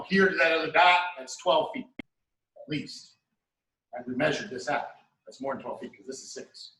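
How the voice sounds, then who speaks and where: Echoey jiu-jitsu instructor coaching a class. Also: male voice, on the high side. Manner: steady coaching cues, talks through moves step by step. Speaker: martial arts instructor. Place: training studio. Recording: echoey room, mic at a distance.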